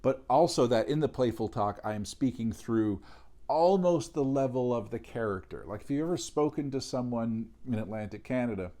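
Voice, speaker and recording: A man giving an informal academic lecture, thoughtful and measured, often pausing to search for the right word. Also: mid-range voice, lively intonation, warm tone.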